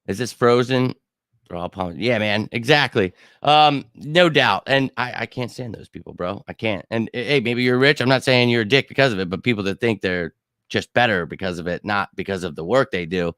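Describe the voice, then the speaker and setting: A man's voice: lowish voice, normal speed, fairly bright tone, clean tone, dry recording, studio quality. A man hosting his own football show, ranting heatedly and profanely in a casual livestream while answering viewers' chat. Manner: answers live chat comments. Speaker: sports show host.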